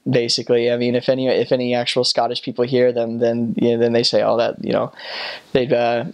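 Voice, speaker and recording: A man in his twenties, a former missionary, talking casually and haltingly about his time abroad. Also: medium pitch. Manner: relaxed, halting, full of fillers. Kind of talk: casual storytelling.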